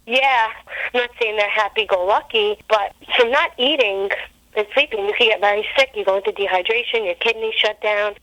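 Bright-voiced woman telling work stories. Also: mid-range voice, a little fast, no echo, poor audio. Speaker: guest, psychiatric care worker. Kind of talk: casual chat.

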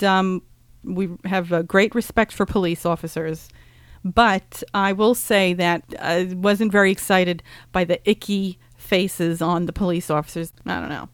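A woman's voice: mid-range voice, no room sound. Woman rambling about her day, lots of likes and ums, blunt, kinda sweary, dry close sound. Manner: chatty and animated, with frequent "like" and "um" fillers; blunt and profane, with bursts of laughter. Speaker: vlogger recounting a protest rally. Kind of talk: casual spoken recap.

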